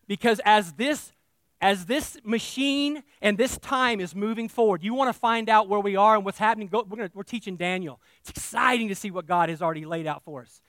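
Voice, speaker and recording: A male pastor preaching a sermon, talking straight to his congregation and swinging from quiet asides to loud, emphatic declarations. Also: high-pitched, moderate pace, no room sound, clean studio sound. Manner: talks directly to the congregation.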